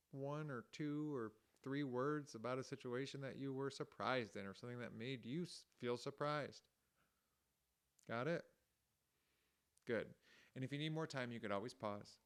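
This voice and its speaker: A man teaching young children about emotions, gently explaining each word and acting out the feelings with sighs and groans, with chatty asides. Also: medium pitch, normal speed, smooth. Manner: chatty asides, thinks aloud. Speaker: music teacher. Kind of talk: children's lesson with guitar. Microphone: home recording mic. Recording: guitar music under the voice. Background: guitar chords under the voice.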